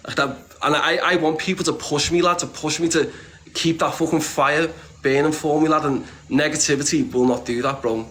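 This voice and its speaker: A blunt, streetwise man chats casually as a guest, swearing freely as he talks. He rambles and restarts his sentences often. His voice sits a little higher than most men's. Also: steady tone, brisk, a bit bright, slight background noise. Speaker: interview guest. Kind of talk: casual conversation.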